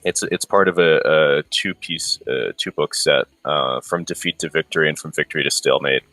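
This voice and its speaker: A man's voice: rumbling low, brisk, sharp tone, dry recording, faint music behind, low-quality recording. A man co-hosting a casual podcast, reading passages from a history book aloud with hesitant fillers between them. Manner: hesitant, many ums and restarts. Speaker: podcast co-host.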